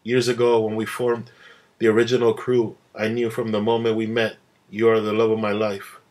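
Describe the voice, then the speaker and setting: A man's voice: lowish voice, completely flat delivery, moderate pace, darkish tone, lightly acted. A man voicing a young female pirate first mate who is devoted and shy, speaking earnestly with stammers. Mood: adoring.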